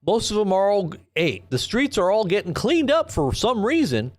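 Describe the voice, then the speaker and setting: A man's voice: high voice, big pitch swings, moderate pace. A man hosting a live commentary stream, talking in a rambling, sarcastic way with frequent restarts and rhetorical questions. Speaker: host of a live news commentary channel.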